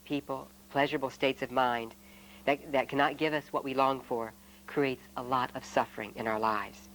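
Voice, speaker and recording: A male friar leads a spiritual retreat talk, measured and reflective with touches of gentle humor. His voice sits at an ordinary middle pitch, with faint noise behind it. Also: rough recording.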